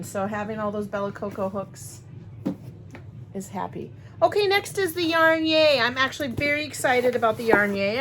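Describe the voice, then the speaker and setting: A woman's voice: fairly high pitch, fairly bright tone, a little hiss or hum. A woman chatting casually to her viewers, rambling and friendly as she unboxes crochet supplies. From Wisconsin, USA. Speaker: crochet vlogger.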